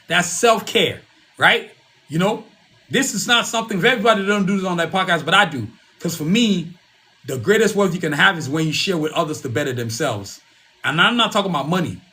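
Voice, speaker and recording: A man with a high-pitched, fairly bright voice hosts a solo podcast, rambling casually and repeating himself. He keeps calling out to his listeners as "y'all."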